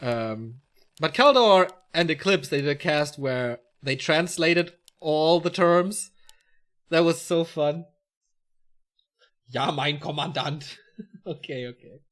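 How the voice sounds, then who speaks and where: A man's voice: on the high side, slow pace, a bit bright, clean tone. A man casting a strategy game match alone, calling the play and joking between calls. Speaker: esports caster. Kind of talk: solo play-by-play game commentary.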